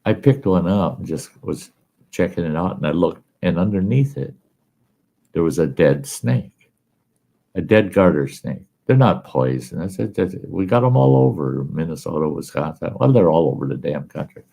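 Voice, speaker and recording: Gravelly low-voiced Midwestern storyteller man. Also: moderate pace. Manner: folksy, animated yarn-spinning. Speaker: show host. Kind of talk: casual storytelling.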